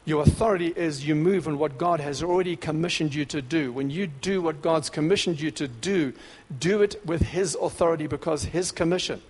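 A man with a notably high voice preaches with punchy, repetitive exhortation. His phrases stack up and swell toward excitement. The sound rings with the long reverb of a big hall. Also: brisk, few pauses, breathy edge. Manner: grows louder and more excited. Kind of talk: sermon.

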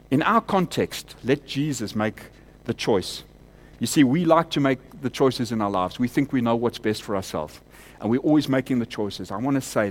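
Preaching man, loud peaks, quiet appeals. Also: mid-range voice. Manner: rises to loud emphatic peaks, then drops to quiet, intimate appeals. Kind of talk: sermon.

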